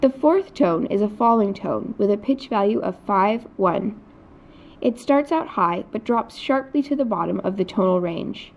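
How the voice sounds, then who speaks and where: A woman's voice: mid-range voice, animated, normal speed. A woman teaching a recorded Mandarin lesson, explaining patiently in scripted narration. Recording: dull lo-fi recording.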